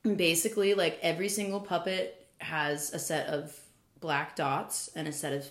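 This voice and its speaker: A woman from Kentucky chats casually as a podcast guest, rambling and packing her sentences with "like." Her voice sits fairly low for a woman and is picked up in a roomy, echoing space. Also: normal speed. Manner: rambling, many "like" fillers, animated retelling. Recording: roomy echo.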